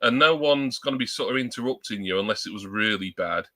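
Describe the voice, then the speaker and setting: A man rambles through a casual live-stream chat, poking fun at himself as he goes. His lowish voice has a bright, pressed edge, and it comes across close and dry at his home desk mic. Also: fairly quick, dry recording. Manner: rambling, self-deprecating, joking. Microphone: new external desk mic.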